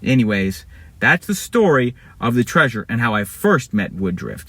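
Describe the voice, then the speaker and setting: A man's voice: medium pitch, sing-song, moderate pace, fairly bright tone, breathy edge, dry recording. A man telling a made-up adventure story casually, rambling and correcting himself as he goes.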